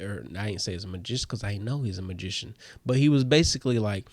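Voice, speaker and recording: Rambling animated comedian man. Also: brisk, no room sound. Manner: rambling, animated, voice jumps high when excited. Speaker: comedian host. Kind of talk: casual comedic storytelling.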